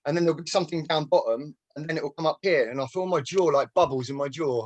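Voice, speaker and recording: A man's voice: on the high side, racing, few pauses, no room sound. A man in a casual group chat, explaining earnestly with many fillers and restarts. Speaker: group participant.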